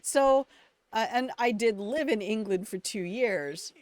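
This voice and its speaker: A woman's voice: fairly high pitch, measured pace. An older woman from Alabama streaming a game, chatting in a rambling, storytelling way to her viewers. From Alabama, United States. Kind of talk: casual let's-play commentary.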